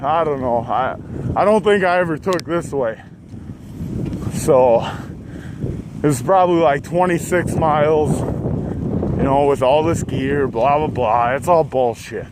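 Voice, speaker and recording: A man's voice: on the high side, unhurried, long pauses. A man out of breath, venting and swearing with frequent sighs as he cycles outdoors along a road. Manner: frustrated, swearing, sighing between phrases. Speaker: vlogger. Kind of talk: venting monologue while cycling. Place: outdoors on a road, riding a bike. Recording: wind and traffic noise. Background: traffic and wind noise.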